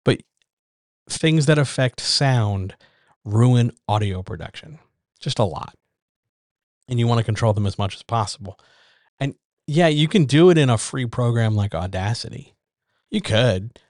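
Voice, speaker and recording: A man's voice: mid-range voice, lively intonation, unhurried, pauses often, a little mellow, no echo, studio quality. A man hosting a casual writers' chat from a small home room, bluntly lecturing with rhetorical questions. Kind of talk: casual advice monologue. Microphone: decent USB-style desk microphone.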